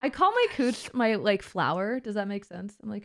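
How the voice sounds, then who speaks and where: A woman's voice: mid-range voice, sing-song, normal speed, vocal fry. A woman hosting a casual chat stream, playful and teasing, often flustered, now and then slipping into a mock posh accent. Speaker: streamer host.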